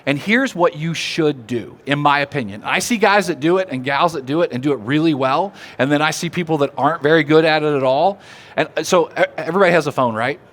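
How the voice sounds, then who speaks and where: Animated man presenting at a seminar. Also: on the high side, brisk. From Oklahoma. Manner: animated, audience-engaging, asks questions. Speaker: seminar speaker. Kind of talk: live seminar talk. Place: seminar room.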